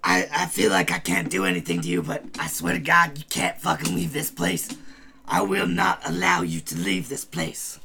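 A man voicing a foul-mouthed, furious female monster bong with a hoarse, strained voice, cursing and threatening in a tabletop game. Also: on the high side, very animated, normal speed, bright, forceful tone, a little hiss or hum, full character voice. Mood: enraged.

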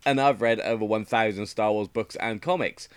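A man's voice: fairly low pitch, moderate pace, clear, resonant tone, dry recording. A man co-hosting a podcast in casual chat, playfully teasing. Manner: playful teasing, lively delivery. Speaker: podcast co-host.

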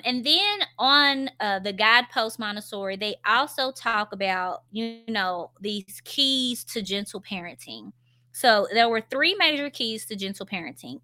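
A woman's voice: medium pitch, sharp tone. A woman talking casually about parenting, conversational and full of fillers, acting out example phrases for parents. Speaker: parenting speaker. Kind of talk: casual explanatory talk.

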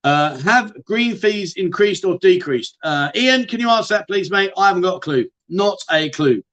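A British man hosting a casual livestream chat, reading viewer questions aloud and answering them one by one. His voice sits high for a man, and he talks in a chatty, matey way, calling his viewers "mate". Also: animated, normal speed, a bit bright. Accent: British English. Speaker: livestream host.

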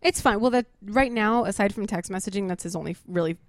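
A woman co-hosting a casual podcast chat, telling stories in a lively way, swearing freely and acting out what people said. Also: medium pitch, quick pace, a little hiss or hum. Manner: animated storyteller, swears freely, acts out quotes. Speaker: podcast co-host.

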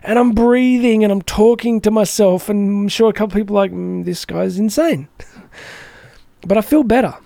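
A man's voice: sits high, steady tone, moderate pace, warm tone, no room sound. A man hosting a motivational podcast, talking energetically and chattily and acting out the voices he quotes. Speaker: podcast host.

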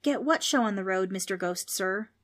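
A woman's voice: medium pitch, expressive, normal speed, lightly acted. A woman voicing a timid young boy who speaks meekly and over-politely. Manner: meek and overly polite.

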